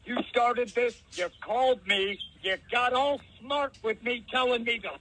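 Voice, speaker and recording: Irritated, high-pitched man. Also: fairly even intonation, measured pace, bright, forceful tone, slight background noise, rough recording. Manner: irritated, confused. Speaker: prank call target.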